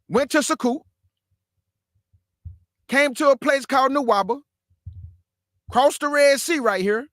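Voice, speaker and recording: A man with a notably high voice leads a casual scripture lesson, pressing each point hard and circling back to repeat it. He addresses his listeners as family while steering them through a map on his screen. The sound is dry, with no room echo. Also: fairly bright tone. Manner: emphatic, repeats key phrases, calls listeners "family". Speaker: Bible teacher, show host. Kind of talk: casual Bible teaching.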